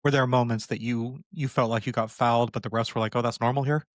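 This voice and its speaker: A man hosts a podcast and asks his guest easy, leading questions in a quick, casual way. The sound is dry and close. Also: medium pitch, fairly even intonation, no echo. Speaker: podcast host.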